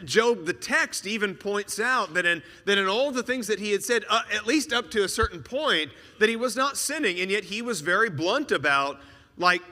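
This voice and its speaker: A man preaching a sermon, animated and asking rhetorical questions with joking asides. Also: high voice, moderate pace, long reverb tail.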